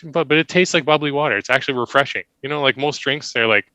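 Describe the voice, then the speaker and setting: Bright-voiced man chatting casually. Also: mid-range voice, quick pace, no echo. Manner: easygoing, laughs often. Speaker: guest. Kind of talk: casual podcast chat.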